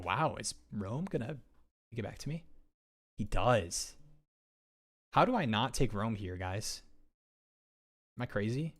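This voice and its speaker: A young man chatting casually on a live stream as he drafts fantasy football, excitable and rambling, often restarting his sentences. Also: fairly low pitch, takes it slowly, long pauses. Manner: excitable, rambling, self-interrupting.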